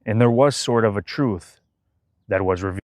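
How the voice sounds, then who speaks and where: A man calmly narrating his spiritual journey in a slow, measured, even cadence. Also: lowish voice, no room sound, studio quality. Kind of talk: calm reflective narration.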